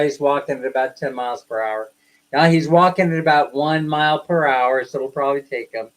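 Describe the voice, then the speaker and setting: A middle-aged livestream host with a mid-range voice reads jokes aloud and chats with his viewers, laughing at his own punchlines and drifting into asides. The recording quality is low.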